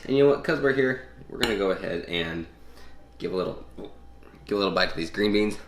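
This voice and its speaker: A man's voice: deep voice, lively intonation, fast talker, reverberant, slight background noise. A man hosting a casual cooking and fitness vlog, chatty and full of ums as he tastes his food. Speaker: fitness vlogger.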